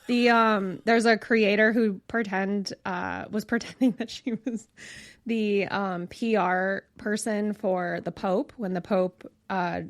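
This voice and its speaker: A woman co-hosting a podcast, chatting casually with drawn-out words and frequent fillers. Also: mid-range voice, fairly even intonation. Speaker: podcast co-host. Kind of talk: casual chat.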